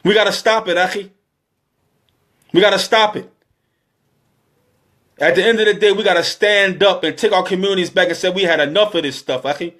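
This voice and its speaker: Man in his thirties, high voice, preaching with emotional, pleading repetition. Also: fairly even intonation, fairly quick, pauses often, fairly bright tone. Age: 30s. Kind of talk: impassioned exhortation.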